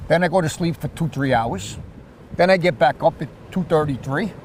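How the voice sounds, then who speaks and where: New York surf fisherman, lively raised voice, outdoors with faint background noise. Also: on the high side, normal speed. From Queens, New York. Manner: animated storyteller with repeated words and restarts. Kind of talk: casual chat.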